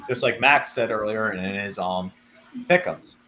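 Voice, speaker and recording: A man's voice: fairly low pitch, unhurried, bright, forceful tone, slight background noise. A man co-hosting a casual football picks show, talking through stats and correcting himself as he goes. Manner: rambling, self-correcting, laughs easily. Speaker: co-host. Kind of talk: casual sports picks chat.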